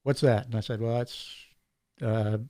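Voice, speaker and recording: A man telling anecdotes in a casual podcast chat, animated and laughing often, acting out the people in his stories. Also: mid-range voice, unhurried, no room sound. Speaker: podcast guest. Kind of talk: casual storytelling.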